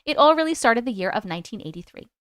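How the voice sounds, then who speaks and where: A woman's voice: on the high side, expressive, fast, smooth, no echo, clean studio sound. A woman in her forties hosting a livestream, chatting with viewers and reading their stories aloud in a bubbly, casual way. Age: 40s.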